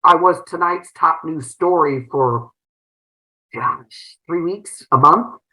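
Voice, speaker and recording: A middle-aged woman with a low but bright, forceful voice recounts a painful chapter of her life as an interview guest. She speaks earnestly and emotionally, circling back with fillers and restarts as she goes. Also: slow pace, poor audio. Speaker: guest, former school principal turned entrepreneur. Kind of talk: personal storytelling in an interview.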